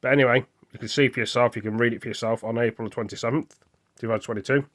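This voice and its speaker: A man's voice: mid-range voice, steady tone, racing, a bit bright. A man chatting casually while he reads news off a screen, rambling and stumbling over hard words, apologetic, sometimes talking with his mouth full. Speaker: vlogger.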